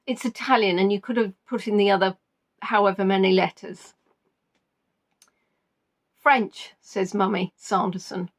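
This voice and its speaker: A woman's voice: medium pitch, fairly even intonation, unhurried, pauses often. A woman hosting a live online quiz, reading out players' answers and teasing them playfully. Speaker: quiz host.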